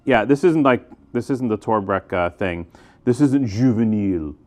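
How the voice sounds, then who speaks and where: A man's voice: medium pitch, expressive, normal speed. A man who runs a wine shop, giving a chatty, enthusiastic wine review with lots of fillers and restarts. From United States. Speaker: wine retailer. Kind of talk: casual wine review to camera.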